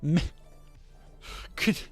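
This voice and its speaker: A man streaming live commentary, ranting in an animated, sarcastic way. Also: drawn-out words, soft background music.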